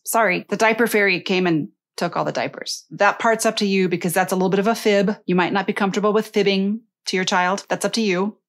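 A middle-aged woman with a drawl talks straight to parents in a friendly advice video. Her delivery is chatty and animated, and she keeps it practical and easygoing. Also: mid-range voice. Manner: chatty, animated, acts out kid and mom lines. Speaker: nanny and potty training consultant.

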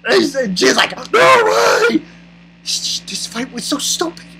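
An excitable reviewer rambles through a manga chapter in a bright, cutting voice. They exclaim and laugh as they go, with a faint hiss in the background. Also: medium pitch, moderate pace, vocal fry, rough recording.

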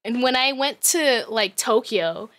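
A woman's voice: a little high, unhurried, a bit bright. A woman in her thirties chatting casually on a livestream, laughing often, swearing freely and rambling with lots of fillers. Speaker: streamer.

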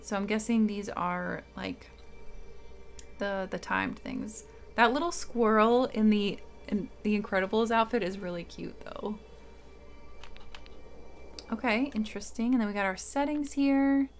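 A woman streamer commenting casually on her gameplay, thinking out loud with small hesitations. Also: medium pitch, unhurried, pauses often. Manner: thinking aloud, chatty with hesitations. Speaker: game streamer. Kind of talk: casual let's-play commentary. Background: faint game music.

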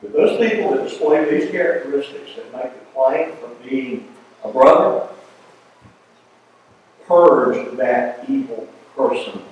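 A man teaching a Bible class in a folksy, animated way, often asking the class questions. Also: mid-range voice, reverberant, muffled recording, a little hiss or hum.

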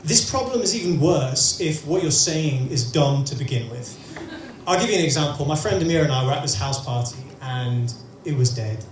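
Young brummie guy doing stand-up, dry quick asides, echoey venue with a faint murmur behind. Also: fairly high pitch, expressive, slight background noise. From Birmingham, England. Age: young adult. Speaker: stand-up comedian. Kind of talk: stand-up comedy set. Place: comedy venue stage. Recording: echoey room with faint ambience.

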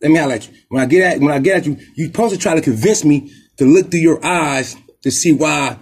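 A man from Oakland with an Oakland accent, hosting a podcast and telling a story in a rapid, profane, animated street style. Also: a little high, slightly rough. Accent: Oakland, Bay Area. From Oakland, California. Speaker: podcast host. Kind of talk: casual monologue storytelling.

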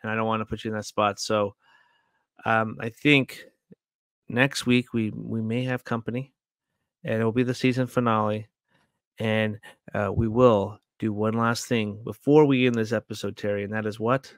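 A man's voice: lowish voice, steady tone, normal speed, dry recording. Man, podcast chat, rambling, laughs a lot, dry close sound. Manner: rambling, full of likes and restarts; laughs often mid-sentence. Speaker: podcast co-host reviewing a TV series.

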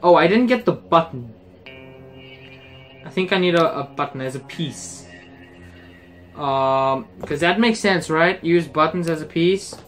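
Let's-play host, lively swinging delivery, unhurried, rants and yells when frustrated. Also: mid-range voice, faint music behind. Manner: frustrated, ranting and yelling at the game. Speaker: gaming channel host.

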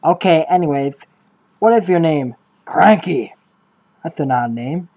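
A woman's voice: deep voice, lively intonation, a little slow, dark tone, highs cut off, heavily acted. A woman voicing a crude, foul-mouthed male podcast host who talks brashly and stammers, in a parody call-in show. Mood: annoyed.

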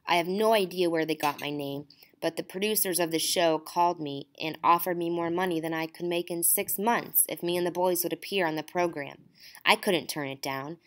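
A woman reading the part of a worn-down mother of twins who talks in a quiet, weary, apologetic way. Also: on the low side, moderate pace, lightly acted. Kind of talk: audiobook dialogue.

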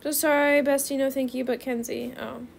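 Excitable teen girl creator, high voice with fry, chatty gameplay commentary. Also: normal speed, slight background noise. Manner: calls viewers bestie. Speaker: gaming video creator.

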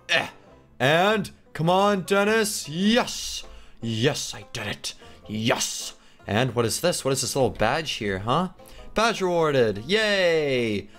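Excitable young man with lively pitch. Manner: excitable, yelps and laughs at close calls. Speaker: gaming channel host. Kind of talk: playing a game with commentary.

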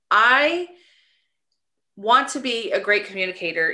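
A woman's voice: medium pitch, bright, forceful tone. A woman, a coach and podcast co-host, talking in an earnest, searching way in a casual conversation. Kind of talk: reflective casual podcast chat.

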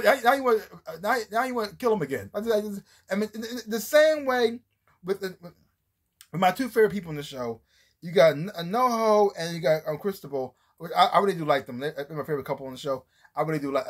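A man's voice: sits high, fairly bright tone. A man giving a casual, rambling review of a TV series, often restarting his sentences and acting out scenes as he retells them. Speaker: TV show reviewer.

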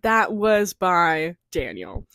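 A young woman casually chatting through a trailer review, rambling, giggling and trailing off into soft mumbles. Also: fairly low pitch, big pitch swings, takes it slowly, vocal fry, no echo.

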